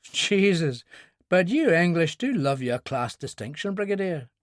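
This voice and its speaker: A man's voice: a little high, sing-song, a little slow, dry recording. A man voicing a charming Irish former gunman with a Northern Irish accent, amiable and dry. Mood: wry, amiable.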